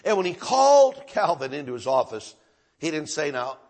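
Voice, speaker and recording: Middle-aged man, preacher, folksy sermon storyteller, husky tone, stumbling restarts. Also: a little high, big pitch swings, moderate pace, darkish tone. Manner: folksy, repeats words, stammering restarts.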